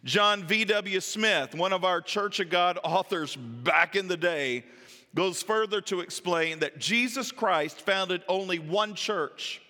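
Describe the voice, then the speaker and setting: A man in his thirties preaching a sermon to his congregation, with earnest emphasis that drops into quiet, personal asides. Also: high voice, slow pace. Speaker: pastor. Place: church sanctuary. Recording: long hall reverb. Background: church hall.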